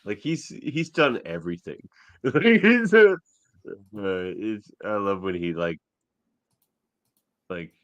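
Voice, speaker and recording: A man co-hosting a podcast in casual chat. He talks in an animated way and laughs often. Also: on the low side, slow pace, long pauses, no echo. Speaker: podcast co-host.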